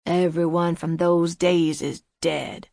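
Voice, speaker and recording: A gruff, hoarse old man, as a female audiobook narrator puts him on, guarded and evasive, sitting low in his voice. He drags out his short replies at a very slow pace. The sound is close and dry. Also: steady tone, warm tone, no echo.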